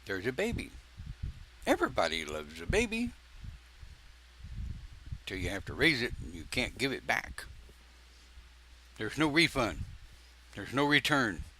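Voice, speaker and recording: An older man, a pagan minister, giving a folksy, informal live-stream sermon with joking asides and long pauses; his voice sounds croaky. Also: medium pitch, big pitch swings, pushed and bright, slight background noise.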